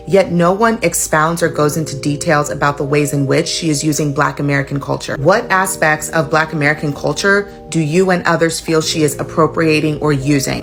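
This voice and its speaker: A woman reading out a comment and answering it in a measured, explanatory way. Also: low-pitched, gravelly. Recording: voice over loud background music. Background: background music.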